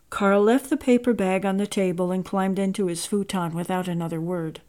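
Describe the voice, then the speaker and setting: Woman, storyteller, scripted narration, measured, expressive, mellow voice. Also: mid-range voice.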